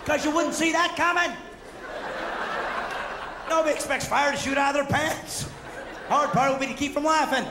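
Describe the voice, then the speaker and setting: A man performing energetic, mocking stand-up comedy on stage, acting out the voices he quotes. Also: extremely high pitch, moderate pace, long pauses, a crowd in the background. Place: theater stage before a live audience. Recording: roomy hall with audible audience noise.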